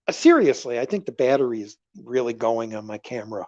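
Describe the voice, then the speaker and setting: A man hosting a casual livestream, rambling through stories with animated swings between loud remarks and murmured asides. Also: mid-range voice, quick pace, few pauses, no echo. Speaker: livestream host. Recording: dull lo-fi livestream audio.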